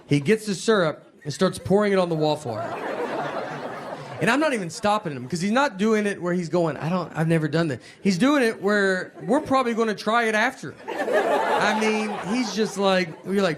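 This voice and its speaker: Male stand-up, low-key deadpan delivery, live room with heavy crowd noise. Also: normal speed. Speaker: stand-up comedian. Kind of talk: stand-up comedy set. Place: live venue with laughing audience. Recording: loud crowd laughter and noise.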